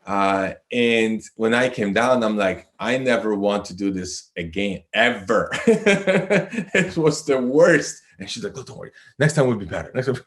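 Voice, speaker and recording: Low-voiced man telling a story. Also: moderate pace. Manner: animated, self-deprecating, laughs often. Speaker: guest. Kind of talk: storytelling in a podcast interview.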